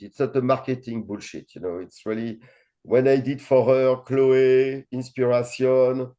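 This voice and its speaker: A man's voice: mid-range voice, mellow. A middle-aged man from France with a French accent, a winemaker guest talking casually with many fillers and blunt swearing. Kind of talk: casual interview chat.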